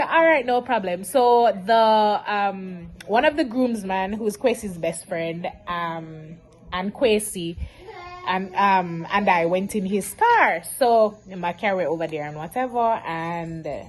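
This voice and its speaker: A woman, telling a storytime vlog in an animated, emotional way. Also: medium pitch, unhurried. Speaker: vlogger.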